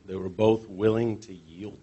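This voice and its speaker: A man answers in a church class, thinking aloud and searching for words. His voice is very deep, with faint background noise. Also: level tone, a little slow, mellow, dull audio. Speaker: class participant.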